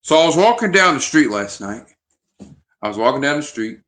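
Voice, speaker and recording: A man's voice: medium pitch, big pitch swings, fairly quick, fairly bright tone. A man vlogging in a casual chat to camera, rambling and hesitant with frequent restarts.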